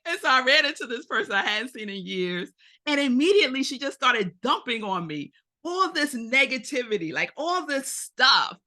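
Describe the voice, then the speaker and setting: A woman's voice: high-pitched, moderate pace. A woman in her forties, a minister giving a Sunday sermon, telling stories and speaking directly to her congregation. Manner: animated storytelling, addresses congregation directly. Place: spiritual center service.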